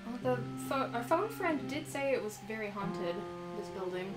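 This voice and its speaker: A woman's voice: on the high side, lively intonation, normal speed. A woman chatting casually and playfully while co-playing a game on stream. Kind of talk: casual chat. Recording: echoey room with music behind.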